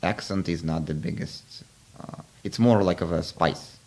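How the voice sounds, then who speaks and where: Very deep gravelly man, explaining. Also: unhurried, darkish tone, a little hiss or hum. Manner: reflective, explanatory, frequent restarts. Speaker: podcast host. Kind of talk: casual interview chat.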